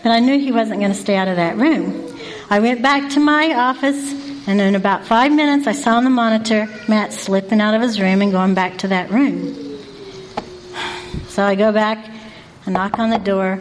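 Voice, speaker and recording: A woman who works night staff at a youth residence tells an animated personal story, acting out the people in it. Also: medium pitch, normal speed, a little hiss or hum, poor audio. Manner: animated, conversational, acts out voices.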